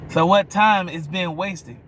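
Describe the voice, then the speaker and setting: A man's voice: high-pitched, a bit bright, slight background noise. A man with a New Orleans accent giving a blunt, profane opinion monologue, often stopping to ask if you hear him. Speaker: vlogger.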